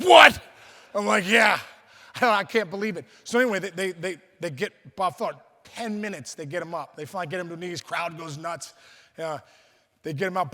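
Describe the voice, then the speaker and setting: Speaking at a luncheon in a large banquet hall, a middle-aged man from Pittsburgh, USA gives a storytelling speech as guest speaker, acting out quoted voices and often restarting sentences. His voice sits high, creaky, with a fairly bright tone, and the recording is reverberant.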